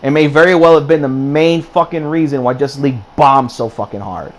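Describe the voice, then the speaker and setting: A man's voice: a little high, fairly quick, slight background noise. A man giving a casual spoken film review, ranting and swearing freely, often repeating and restarting his words.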